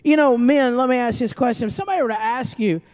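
A pastor giving a sermon to a room full of people, talking casually rather than reading. The voice sits at a middle pitch, stumbles and restarts often, and keeps turning to the audience with questions. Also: fast, a little mellow. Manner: conversational and joking, with frequent restarts. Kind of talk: sermon to a live congregation. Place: church service before an audience, also streamed online.

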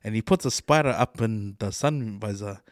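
A man's voice: fairly low pitch, moderate pace, no echo, clean studio sound. A New man hosting a podcast, telling stories in casual chat with lots of swearing and laughter. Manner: animated storytelling, swears often, laughs mid-sentence. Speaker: podcast host.

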